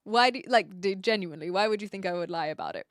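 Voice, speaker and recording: A woman's voice: medium pitch, fast talker, no echo, studio quality. A woman streamer chatting casually while reacting to videos, often exasperated and arguing with her chat.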